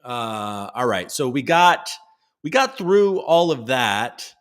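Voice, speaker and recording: A man's voice: mid-range voice, big pitch swings, slow pace, a bit bright, clean tone. Casual man hosting a news livestream. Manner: casual, reads headlines aloud with joking asides. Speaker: host.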